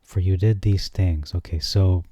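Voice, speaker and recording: Deep, dark-voiced man commenting on scripture. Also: steady tone, dry recording. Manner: reads verses slowly and deliberately, then comments dryly. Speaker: channel host. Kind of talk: screen-share scripture commentary.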